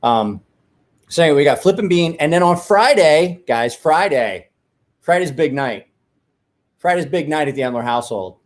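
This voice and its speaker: A man's voice: fairly high pitch, lively intonation, moderate pace. A man hosting a casual livestream from home, telling rambling, profane stories while drinking a beer, with frequent restarts. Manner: rambling, profane, self-correcting. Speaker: livestream host. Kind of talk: casual storytelling chat.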